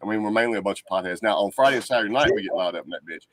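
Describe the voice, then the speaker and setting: A man's voice: on the low side, fairly bright tone, a little hiss or hum. A man on a casual podcast who tells his own story, joking and cutting in with wisecracks. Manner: quick, joking, interrupts with wisecracks. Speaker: podcast co-host. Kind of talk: casual chat.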